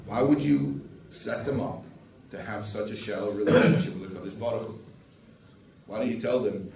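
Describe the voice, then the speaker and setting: Rabbi teaching, heard from across a room. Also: male voice, lowish voice, fairly even intonation, brisk, a little mellow. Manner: earnest teaching, Yiddish and Hebrew terms. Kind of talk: Torah lecture. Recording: roomy, distant mic, faint noise.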